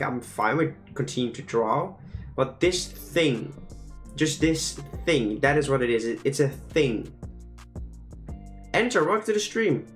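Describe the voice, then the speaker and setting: A young man casually chatting and joking with his chat as he draws live. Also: mid-range voice. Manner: playful, joking, reads chat aloud. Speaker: streamer drawing fan creatures live. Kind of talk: casual livestream chat while drawing.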